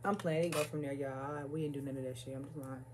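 A woman's voice: deep voice, fairly even intonation, racing, noisy background. A young woman vlogger telling a casual story, chatty and profane, full of "like" and "y'all," laughing nervously. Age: young adult.

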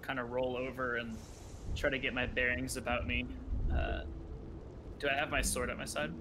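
A man playing in a tabletop game over a video call, speaking quietly and haltingly with repeated words and fillers. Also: medium pitch, level tone, noisy background. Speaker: player.

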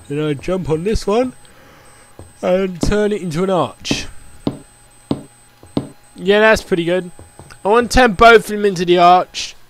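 A man's voice: high voice, unhurried, pauses often, soft background music. A man giving casual, rambling commentary while playing a building game, chatty and full of "like" fillers. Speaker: gameplay commentator.

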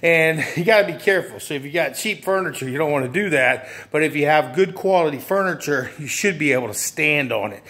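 Man, furniture sales trainer, somewhat high voice, casual instructional talk, acts out customer dialogue. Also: lively intonation, brisk, few pauses, fairly bright tone. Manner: conversational, repeats phrases, plays out customer exchanges.

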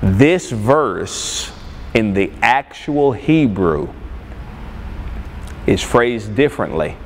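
A man preaching in a large church hall, and his voice trails off into a long reverb. He sets a slow, unhurried pace and leans hard on single words. He keeps asking the room to answer back. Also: fairly low pitch, animated. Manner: calls for congregation responses, slow emphatic delivery. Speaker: pastor. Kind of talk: sermon. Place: church sanctuary. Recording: long hall reverb, faint background noise.

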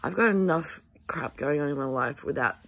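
An Australian woman ranting to camera in an exasperated way, sighing often and halting through restarts. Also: deep voice, animated.

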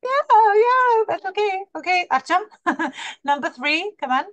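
A woman's voice: very high voice, sing-song, unhurried, a bit bright, no room sound. A woman teaching an English class online over a video call, coaxing her students and calling on them by name while repeating key words.

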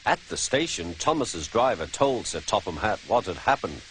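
A man narrating a children's storybook in a clear, measured way. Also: fairly low pitch, sing-song, fairly bright tone, a little hiss or hum. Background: music.

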